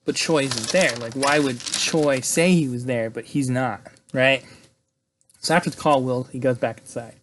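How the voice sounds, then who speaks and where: A podcast host casually recaps a film, retelling the story in a loose, chatty way at a moderate pace with background noise behind him. His voice sits at an ordinary middle pitch, he swears freely, and he keeps checking in with "right?".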